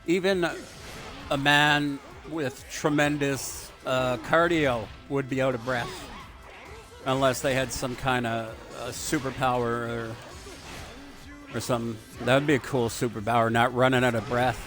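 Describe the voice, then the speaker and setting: A man's voice: medium pitch, little pitch movement, a little slow, music in the background. A man giving rambling, crude, digressive commentary while he plays a video game. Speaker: gaming video host. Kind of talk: rambling let's play commentary.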